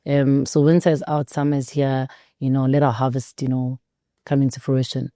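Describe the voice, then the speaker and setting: A South African woman with a deep, low voice talks in an earnest, reflective way. Her tone is close and dry, like casual podcast chat. She sounds like a guest speaking thoughtfully. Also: flat delivery, moderate pace, mellow, dry recording. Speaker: guest, actress and mother. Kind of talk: casual conversation.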